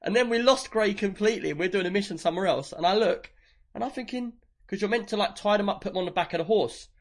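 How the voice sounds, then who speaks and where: A man's voice: high voice, fast talker. A man, telling a gaming story in casual podcast chat and acting out the other players. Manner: animated storyteller, acts out others.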